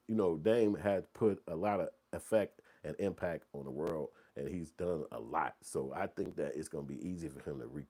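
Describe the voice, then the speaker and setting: A man, telling stories in profane, animated casual commentary. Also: rumbling low, slightly rough. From Chicago. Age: 40s. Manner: animated, profane, rambling street talk. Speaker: movie channel host.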